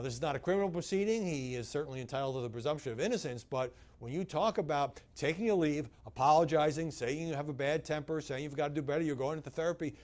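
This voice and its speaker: A man delivering news commentary as a media commentator, measured and analytical, with frequent "uh" fillers. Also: mid-range voice, darkish tone.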